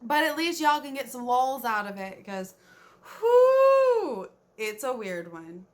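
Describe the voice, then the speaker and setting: A woman's voice: fairly high pitch, fairly even intonation, normal speed, fairly bright tone. A woman book vlogger recapping a novel in casual chat, blunt and incredulous, swearing freely.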